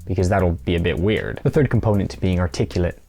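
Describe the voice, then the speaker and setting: A man with a very deep, low voice talks through a tutorial, keeping it playful with small acted-out exchanges. Soft music plays under him. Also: expressive, quick pace, creaky. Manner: playful, acts out mock dialogue. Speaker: presenter. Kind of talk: scripted tutorial talk.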